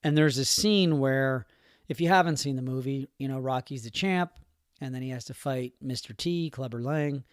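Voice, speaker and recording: Middle-aged man, motivational podcast host, earnest, rambling, everyday pitch, dry close sound. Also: no echo. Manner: earnest, conversational, rambling with many fillers.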